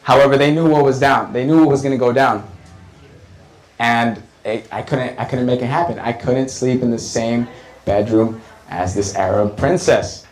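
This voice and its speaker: A man telling a comic story in an animated, profane way, often repeating lines for effect. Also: medium pitch, moderate pace, poor audio. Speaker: comedian. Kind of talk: stand-up storytelling.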